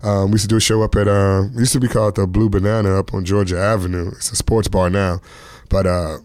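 A man's voice: deep voice, level tone, fast talker, darkish tone, no echo. A comedian in his thirties or forties from the Washington, D.C. area, telling stories in a loose, laid-back way with frequent chuckles. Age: 30s to 40s. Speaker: stand-up comedian guest. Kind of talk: casual interview storytelling.

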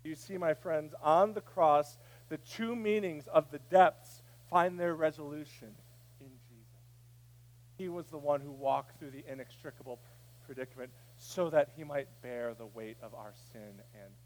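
A man preaching a sermon, dropping to a hush and then rising to a shout. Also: a little high, normal speed. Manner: preaching, swinging from hushed to shouting. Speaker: pastor.

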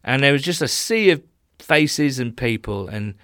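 A man's voice: medium pitch, animated, a little slow, fairly bright tone, no room sound, studio quality. A man co-hosting a casual sports chat podcast, rambling and laughing easily as he tells stories. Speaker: podcast co-host. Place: small home room.

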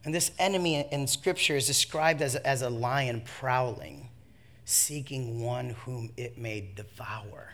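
With medium pitch and a little slowly, a man preaches, telling a funny personal story. He laughs at himself and veers from hushed remarks to shouting.

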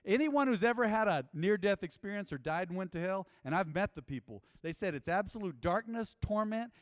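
A man's voice: high voice, clean tone, big-room sound. A man preaching a sermon as a pastor, emphatic and full of rhetorical questions.

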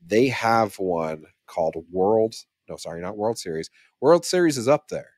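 Low-voiced man rambling through numbers. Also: expressive, moderate pace, a little mellow, no room sound, clean studio sound. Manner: rambling, self-correcting, restarts often. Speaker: podcast co-host. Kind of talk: casual chat.

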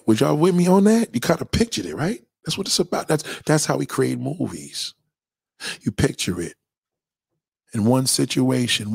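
A man's voice: mid-range voice, creaky, dry recording. Chatty male comedian with a dry sound. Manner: loose, chatty, checks in with listeners. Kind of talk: casual comedic riff to viewers.

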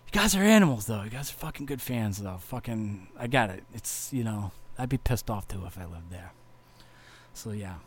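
Young male metal bassist from Massachusetts, casual, swears constantly, rambling and sincere. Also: lively intonation, normal speed, slightly rough. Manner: profane, rambling, heartfelt, lots of fillers. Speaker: touring metal bass player. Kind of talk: casual vlog thank-you message.

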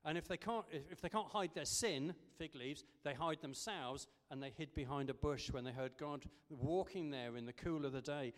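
A man preaching a sermon in a conversational way, with frequent ums and restarts. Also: a little high. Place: church service. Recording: echoey church hall.

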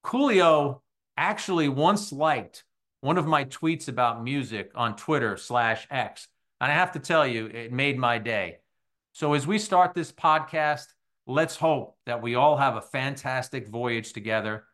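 A middle-aged man hosting a sports podcast, telling a story in a lively way and acting out the voices of the people in it. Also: medium pitch, measured pace. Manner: animated storyteller, acts out quoted voices. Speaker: podcast host. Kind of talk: casual storytelling monologue.

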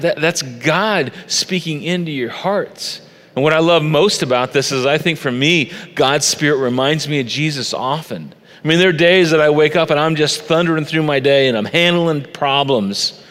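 A man's voice: fairly high pitch, a bit bright, in a large hall. A middle-aged male pastor preaching a sermon on a church stage, conversational and personal, into a stage microphone.

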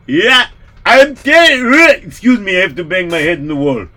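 A man playing an excitable priest who speaks broken English, in a live told story. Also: normal speed. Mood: unhinged. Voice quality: broken English, high-strung. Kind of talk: live storytelling role-play.

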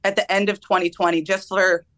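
A woman's voice: medium pitch, flat delivery, brisk, a bit bright. A young woman footballer from the United States answering interview questions casually, with frequent ums and laughs. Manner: laughs often, many ums. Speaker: guest footballer.

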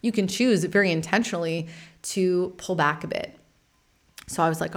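A woman in her thirties hosting a podcast, telling a personal story in a frank, animated way, swearing casually and laughing often. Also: fairly low pitch, moderate pace, long pauses. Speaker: podcast host and meditation teacher.

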